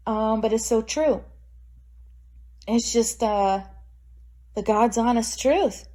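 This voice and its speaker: A woman's voice: a little high, takes it slowly, long pauses, mellow. A woman talking straight to camera in an emotional personal vlog, bitter and raw, with wry laughs between her points. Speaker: vlogger.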